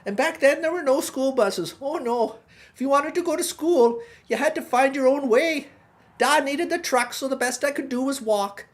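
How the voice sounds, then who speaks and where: A woman's voice: high voice, normal speed, lightly acted. A woman playing a chatty middle-aged Irish pig farmer in a stage Irish accent, telling a rambling comic story. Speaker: guest host. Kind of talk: comic monologue in character.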